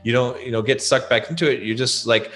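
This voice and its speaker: A man's voice: medium pitch, brisk, a bit bright, faint music behind. A man talking as a podcast guest, giving blunt, emphatic advice and often repeating words. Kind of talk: casual advice talk.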